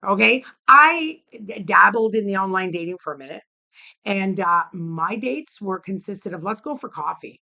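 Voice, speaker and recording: A woman's voice: mid-range voice, animated, moderate pace, gravelly, sharp tone. A woman vlogger ranting to camera, heated and blunt, swearing often. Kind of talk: angry opinion rant to camera.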